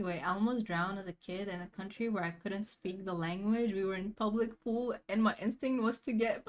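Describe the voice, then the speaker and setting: A woman's voice: medium pitch, moderate pace. A young woman chatting casually as she reacts to a video, rambling in slang and laughing often.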